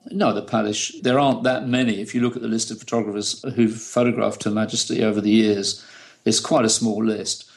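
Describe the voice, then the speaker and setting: A middle-aged UK photographer talks a little fast in a lowish voice with fairly even intonation. He tells chatty anecdotes in a relaxed interview, laughing often.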